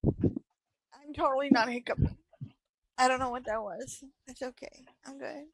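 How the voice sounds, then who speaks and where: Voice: high voice, fairly even intonation, a little slow, poor audio. A co-host on a talk stream, chatting casually and dropping dry, sarcastic remarks. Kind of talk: casual chat.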